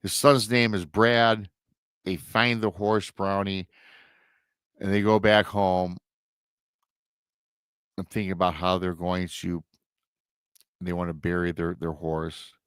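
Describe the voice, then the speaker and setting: A man's voice: low-pitched, flat delivery, takes it slowly, long pauses, fairly bright tone, clear, resonant tone, dry recording, clean studio sound. A man hosting a show, dramatically retelling a listener's emailed story with emotional asides. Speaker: host reading listener accounts. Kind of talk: storytelling podcast narration.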